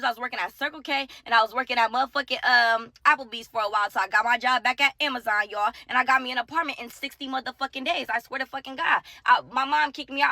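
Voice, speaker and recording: A woman's voice: sits high, bright, forceful tone, no echo. A young woman from Ohio telling a blunt, profane storytime in a casual monologue. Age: young adult. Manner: profane, blunt, fast-talking.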